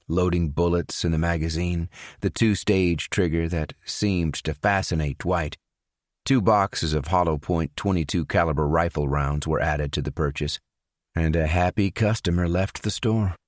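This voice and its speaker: A man narrates a suspense audiobook in a very low, deep voice. He reads slowly and with care, giving each character a voice. The recording is dry and close, with no room sound. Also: no room sound. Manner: measured, unhurried reading with voiced dialogue. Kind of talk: scripted narration.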